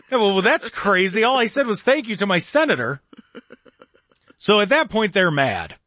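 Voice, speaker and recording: A man's voice: high voice, sing-song, normal speed, pushed and bright, no echo, clean studio sound. A man hosting a talk radio show, telling a story in a sarcastic, mocking way.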